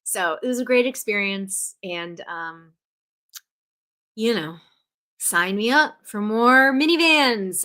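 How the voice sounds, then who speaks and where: A young woman hosts a casual livestream from home, telling stories in a chatty, animated way with playful mock outrage. Her voice sits in a middle pitch and has a bright, forward edge. She comes from New Jersey. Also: slow pace, long pauses. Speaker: livestream host. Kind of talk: casual chat.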